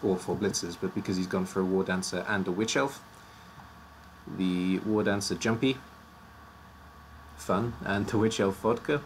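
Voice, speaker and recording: A man's voice: low-pitched, steady tone, moderate pace, pauses often, slight background noise. A man casually presenting teams on a live stream, his voice slightly worn out, joking and stumbling over odd names.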